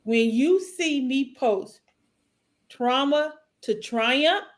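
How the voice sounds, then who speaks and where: A middle-aged woman speaks slowly and haltingly, her voice choked up as she shares her grief. Her voice sits a little high, and she leaves long pauses between phrases. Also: animated. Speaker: podcast co-host. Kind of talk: emotional personal testimony.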